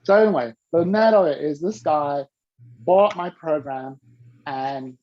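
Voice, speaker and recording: A man coaching a listener through an animated story, acting out the quoted dialogue with lively shifts in his voice. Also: on the high side, a little slow. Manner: coaching tone, tells the listener to repeat key rules. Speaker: business coach. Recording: dull lo-fi recording.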